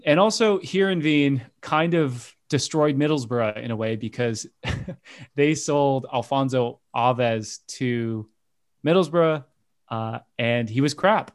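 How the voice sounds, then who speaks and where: A man with a slow, medium-pitched voice hosts a casual football podcast. Jokingly, he reads out the fixtures and asks his co-hosts for their picks in this relaxed sports chat.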